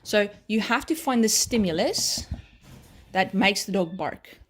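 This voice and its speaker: A woman's voice: medium pitch, expressive, unhurried. An Australian woman working as a dog trainer, explaining at a whiteboard in a casual, chatty way and often checking in with "right?" and "okay".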